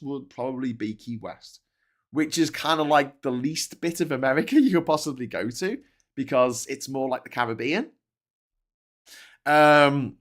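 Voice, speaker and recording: A British man hosting a live stream, chatting casually and rambling, with lots of restarts and asides. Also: a little high. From Britain. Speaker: host of a live stream show.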